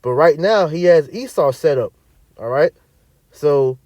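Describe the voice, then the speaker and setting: Reading scripture aloud in archaic wording, a man preaches and teaches with emphasis and repetition, frequently adding "all right" to his points. His voice is on the high side with lively intonation, a measured pace, frequent pauses, and a darkish tone, recorded dry. While searching, he mutters away from the microphone.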